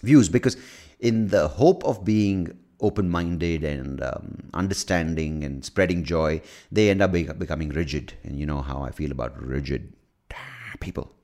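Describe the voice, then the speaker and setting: A man's voice: very deep voice, moderate pace, dark tone. An American man hosting a podcast, talking in a rambling, profane, self-mocking casual monologue. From United States. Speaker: podcast host.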